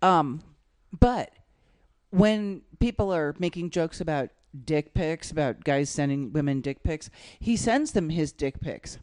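A woman's voice: deep voice, expressive, measured pace, darkish tone, no echo, clean studio sound. A woman in casual chat, wry and teasing.

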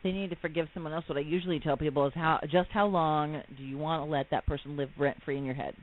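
A woman's voice: low-pitched, steady tone, fast, phone-quality sound. A woman co-hosting a casual chat show, teasing and laughing often. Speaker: co-host.

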